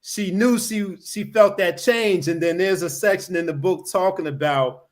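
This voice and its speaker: A man hosting a casual podcast, his voice sitting a little high. He rambles, restarts his sentences and leans on "you know" as he goes. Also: moderate pace. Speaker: podcast host.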